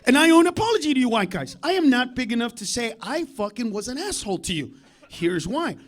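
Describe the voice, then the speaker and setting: This is a live stand-up act in a comedy club: a man talks fast in a sing-song way, swearing and picking at the audience. He shifts between quiet muttering and outright shouting.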